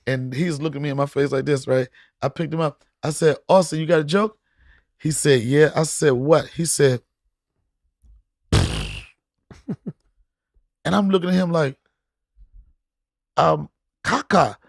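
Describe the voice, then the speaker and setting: A middle-aged man, a guest comedian, telling stories in podcast chat, animated and acting out voices with frequent laughter. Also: on the high side, unhurried, creaky, long pauses, dry recording, clean studio sound. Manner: animated storyteller, acts out voices, laughs often.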